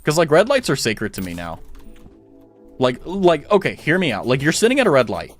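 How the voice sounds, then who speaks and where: Young man, casual streamer, rambly and self-mocking, very lively pitch, a touch high. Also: a little fast, soft background music. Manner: rambling, self-mocking jokes, chatty with viewers. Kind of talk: casual chat while gaming.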